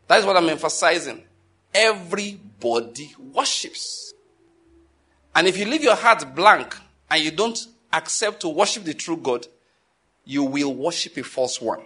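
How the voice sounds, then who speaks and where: A man preaching a sermon, emphatic and repetitive, firing rhetorical questions and swinging between quiet and forceful delivery. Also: high-pitched, breathy edge. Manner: emphatic, repeats key phrases, asks the audience rhetorical questions; wide swings in loudness between calm and forceful.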